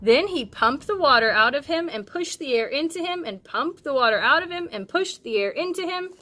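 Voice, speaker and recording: A woman teacher reading a storybook aloud to children, stopping for chatty, encouraging asides. Her voice sits high and sounds bright and forceful. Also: lively intonation, brisk.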